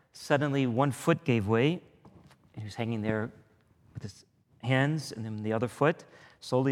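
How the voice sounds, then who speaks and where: Man, priest, prayer and sermon, earnest, deliberate, reverberant church hall. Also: mid-range voice. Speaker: priest leading a retreat. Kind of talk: retreat talk and prayer. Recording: echoey hall.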